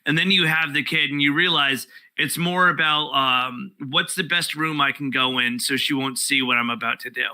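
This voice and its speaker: A man, a guest comedian telling profane, animated stories in casual podcast chat. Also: on the high side, moderate pace, few pauses, rough recording. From New York.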